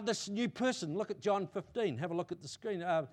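A male pastor preaching to his congregation, swinging between loud emphatic declarations and quiet asides, often repeating himself and checking that listeners are with him. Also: high voice, animated, fairly quick, hardly any pauses. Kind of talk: sermon. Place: church.

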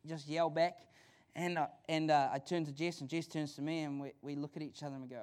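Excited New Zealand pastor, high voice. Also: male voice, a little fast, clean tone. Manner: excited, energetic, conversational preaching with frequent restarts. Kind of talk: sermon. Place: church.

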